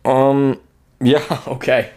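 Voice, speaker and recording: A man's voice: mid-range voice, flat delivery, takes it slowly, darkish tone. A young man hosting a podcast, joking and teasing his co-hosts in crude casual chat. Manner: joking, teasing, laughs often. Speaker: podcast host.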